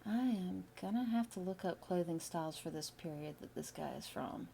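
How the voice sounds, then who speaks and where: A middle-aged woman chatting casually with her stream viewers as she draws, musing slowly with lots of fillers. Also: on the low side, vocal fry, mellow, slight background noise. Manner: slow, musing, with many fillers. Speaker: artist streaming while drawing. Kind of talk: casual chat with live viewers.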